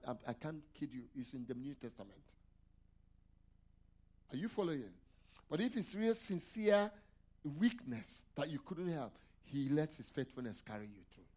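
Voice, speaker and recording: A man's voice: fairly high pitch, a little mellow. A male pastor preaching a sermon, asking the congregation questions for them to answer aloud and dropping in hallelujahs and amens. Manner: call-and-response questions to the congregation.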